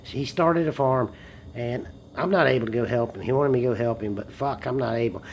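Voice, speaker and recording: A man's voice: mid-range voice, fairly quick, slight background noise. Tipsy rambling man. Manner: rambling, jokey, swears often. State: tipsy from beer. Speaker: vlogger. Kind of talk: casual rambling monologue. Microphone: phone.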